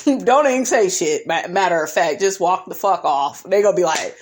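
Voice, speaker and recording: A woman's voice: fairly low pitch, animated, measured pace. A woman giving a blunt, brash and profane commentary on a reality TV episode, often breaking into laughter. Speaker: reality show recap vlogger.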